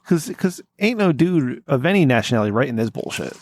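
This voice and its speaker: A man hosting a casual podcast chat over a call, talking in a profane, animated way and laughing often. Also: medium pitch, brisk, no echo. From Italian-American. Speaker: podcast host.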